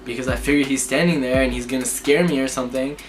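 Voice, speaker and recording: A young man telling spooky personal stories to camera in a lively, chatty way. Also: mid-range voice, fast, a little hiss or hum. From Canada. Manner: lively, chatty, acts out his reactions, laughs often. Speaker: vlogger. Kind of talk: casual storytelling to camera. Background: background music.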